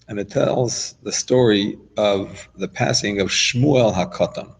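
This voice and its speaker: Gravelly man teaching a casual Torah class. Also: on the low side, poor audio. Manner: conversational, explains with asides and restarts. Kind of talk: informal Torah lesson.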